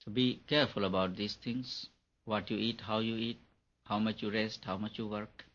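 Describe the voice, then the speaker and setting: Male spiritual teacher, husky voice, emphatic and repetitive, dull lo-fi recording. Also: lowish voice, little pitch movement, normal speed, fairly bright tone. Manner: earnest, repetitive and emphatic, laughs at his own points. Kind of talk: meditation lecture to an audience.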